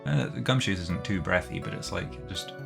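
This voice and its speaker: Low, gravelly-voiced male gamer. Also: lively intonation, normal speed. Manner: self-deprecating, sleepy asides. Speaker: let's play streamer. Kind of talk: casual commentary over a game. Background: game music.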